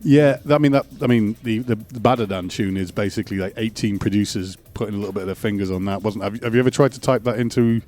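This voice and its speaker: Quick-talking guy, low voice, jokey banter about tracks, faint music under. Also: a little mellow. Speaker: podcast co-host. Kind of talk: casual chat about music.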